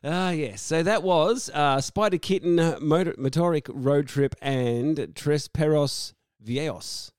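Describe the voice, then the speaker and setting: A man's voice: a little high, slow, hardly any pauses, darkish tone, clean tone, no room sound, clean studio sound. A man co-hosting a radio show, joking and giggling, making playful sound effects. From Australia. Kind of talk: casual radio banter. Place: radio studio.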